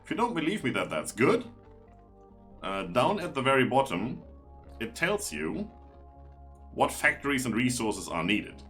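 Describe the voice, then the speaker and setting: A man's voice: mid-range voice, sing-song, measured pace, long pauses, fairly bright tone, faint music behind. A man streaming a game live, chatting and explaining each step as he plays.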